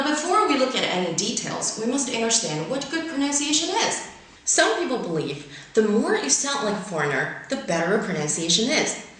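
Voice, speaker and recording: A woman presenting a scripted English lesson, explaining clearly and going through her points in order. Her speech rises and falls with a lively melody. She sounds distant in a very echoey room. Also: on the high side. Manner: clear, structured, lists points one by one. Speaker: host and English teacher. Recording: echoey room, mic far away.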